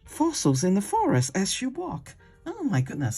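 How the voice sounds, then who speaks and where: This watercolor teacher runs a relaxed demo, drifting off-topic, encouraging softly, and closing steps with "okay?" Her mid-range, husky voice swings hugely in pitch at a normal speed, with faint music in the background.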